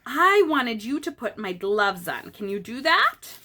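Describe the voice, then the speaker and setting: A woman's voice: on the high side, big pitch swings, a little slow, bright, forceful tone, full character voice. A woman reading as an impatient storybook doctor. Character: impatient grown man doctor. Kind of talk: storybook read-aloud.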